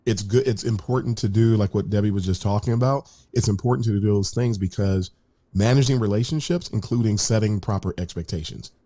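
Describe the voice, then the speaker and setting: A man's voice: on the low side, a little fast, dark tone. A man speaking as a panelist in a casual online Q&A on a video call, blunt and matter-of-fact.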